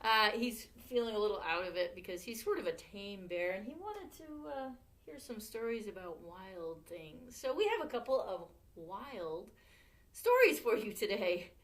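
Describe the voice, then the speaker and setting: Animated librarian, woman, reading picture books to kids with wide pitch swings. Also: normal speed. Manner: animated, expressive storyteller. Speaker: youth services librarian. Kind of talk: storytime read-aloud.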